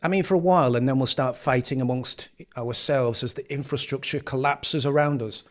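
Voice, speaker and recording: A man's voice: mid-range voice, a little fast. A man hosting a live stream, reacting to clips in casual, sarcastic commentary with frequent swearing.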